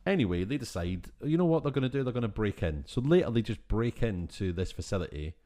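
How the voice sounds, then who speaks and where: A Scottish man recaps a film on a podcast in a deep, low voice. He talks casually and gets animated and exasperated, and he swears freely. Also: fast. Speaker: podcast co-host. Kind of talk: casual film-review chat.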